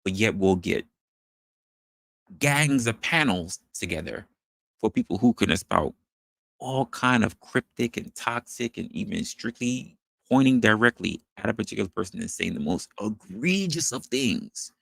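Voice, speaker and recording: A man hosting an opinion show, talking in an animated, rhetorical way and posing questions to his audience. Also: fairly low pitch, unhurried, creaky, no room sound, clean studio sound. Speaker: podcast host. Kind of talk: opinion commentary monologue.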